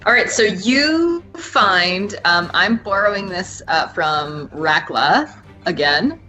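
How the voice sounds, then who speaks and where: A woman's voice: fairly low pitch, expressive, slow, sharp tone, soft background music. A woman narrating as game master of a tabletop role-playing game, hesitant and full of fillers. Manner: hesitant, many fillers, giggly.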